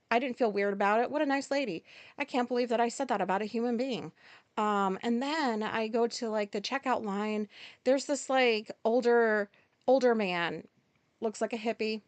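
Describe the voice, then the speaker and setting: A woman's voice: fairly high pitch, no room sound. Rambling, swearing woman podcaster. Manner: rambling, profane, with many fillers and quick apologies. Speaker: podcast host. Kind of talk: casual solo podcast monologue.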